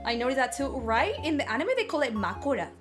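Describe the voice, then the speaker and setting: A woman's voice: high voice, very animated, quick pace. A woman streamer chatting casually while she cooks, giggling often and gushing and swearing freely. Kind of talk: casual livestream chat while cooking. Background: background music.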